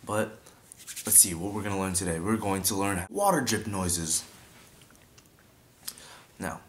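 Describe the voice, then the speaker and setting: A man's voice: low voice, expressive, measured pace, a little hiss or hum. A young man chatting casually as he teaches beatbox sound effects, breaking off to demonstrate mouth sounds. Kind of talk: casual video tutorial.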